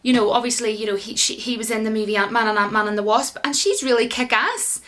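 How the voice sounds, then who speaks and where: A woman gives an indignant vlog rant, her high voice full of animated outrage. She talks straight to her viewers and keeps piling up complaints. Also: quick pace. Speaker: YouTube commentator. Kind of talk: ranting vlog commentary.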